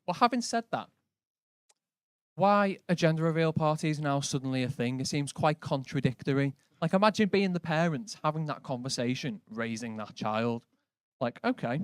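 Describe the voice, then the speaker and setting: Dry-talking stand-up comedian. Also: male voice, fairly high pitch, moderate pace, clear, resonant tone, no room sound. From Britain. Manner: dry, conversational, lots of likes. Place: comedy club stage.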